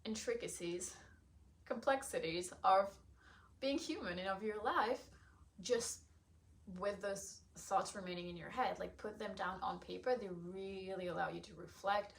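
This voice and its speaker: A woman's voice: mid-range voice, unhurried, gravelly. A young woman hosting a casual solo podcast, chatty and encouraging, laughing often; English is not her first language. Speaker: podcast host and nutrition coach.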